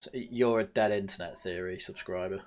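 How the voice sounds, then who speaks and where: Low-voiced man, chatty podcaster. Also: fairly even intonation, fairly quick, slight background noise. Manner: chatty, rambling with restarts and laughs, teasing. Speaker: podcast co-host. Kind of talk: casual podcast chat.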